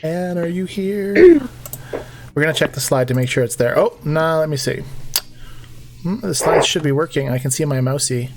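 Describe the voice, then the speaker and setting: A man's voice: mid-range voice, fairly even intonation, fairly quick, noisy background. A man in his forties co-hosting a live stream in casual chat, joking and thinking aloud as he goes. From Canada.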